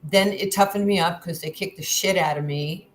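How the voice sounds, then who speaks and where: A woman's voice: lowish voice, normal speed, rough recording. A woman in her sixties from New York, a guest telling candid stories in casual chat and acting out the dialogue. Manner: lively, candid storyteller acting out quoted dialogue. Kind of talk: casual storytelling.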